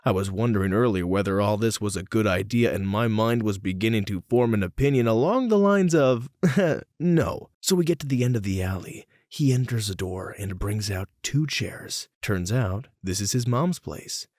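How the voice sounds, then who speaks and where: A man narrating reader-submitted stories from a script, with animated commentary between them. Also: fairly low pitch, moderate pace, few pauses, no echo, studio quality. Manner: reads stories, then reacts with animated asides. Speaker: story narrator. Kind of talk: scripted story reading with commentary.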